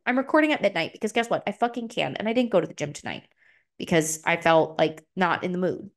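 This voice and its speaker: A young adult woman hosting a solo podcast, talking openly and emotionally and swearing freely, her voice jumping up high when she gets excited. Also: quick pace. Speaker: podcast host. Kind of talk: solo confessional podcast talk.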